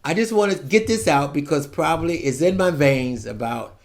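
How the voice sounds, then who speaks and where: A man in his seventies rants his way through a vlog monologue, his voice sitting high and swooping all over the place. He drifts from topic to topic, dropping to quiet mutters before bursting out loud again. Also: animated, normal speed, creaky. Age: 70s. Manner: ranting, digressive, swings from soft asides to loud outbursts. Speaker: vlogger. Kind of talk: rambling monologue to camera.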